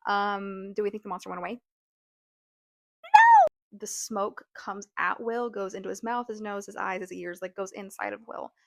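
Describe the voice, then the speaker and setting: A woman hosting a casual TV recap vlog, talking in a chatty, animated way with lots of "like" fillers. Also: mid-range voice, a little fast, vocal fry, hardly any pauses, no echo, studio quality. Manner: animated, exclaims and laughs. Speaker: show recap host.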